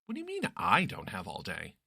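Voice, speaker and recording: A man's voice: sits low, wildly swooping pitch, fairly quick, creaky, sharp tone, slightly rough, no room sound, heavily acted. Flustered young guy, read by a man in a storybook, dry close sound, swings up and down. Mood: exasperated. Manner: exasperated, incredulous.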